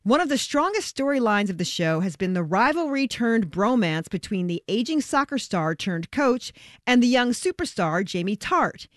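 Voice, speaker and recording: A woman radio host with a lively, swooping voice introduces a segment and questions her guest. Her sound is dry and close, with no room around it. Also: a little high, moderate pace, no echo. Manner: lively, conversational. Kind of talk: radio show hosting.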